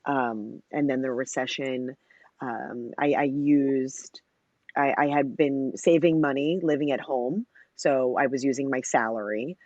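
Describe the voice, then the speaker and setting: Chatty low-voiced woman in her thirties. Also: fairly even intonation, measured pace, a little mellow, no echo, muffled recording. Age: 30s. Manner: chatty and long-winded, many "you know" and "like" fillers, acts out quoted lines. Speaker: company founder, interview guest. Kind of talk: casual storytelling interview.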